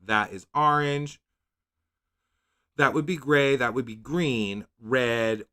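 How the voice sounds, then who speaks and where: A man's voice: medium pitch, takes it slowly, pushed and bright. A man hosting a casual nail polish livestream, rambling, second-guessing himself and laughing at his own confusion. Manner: reads product blurbs in a mock-dramatic voice. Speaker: nail polish channel host.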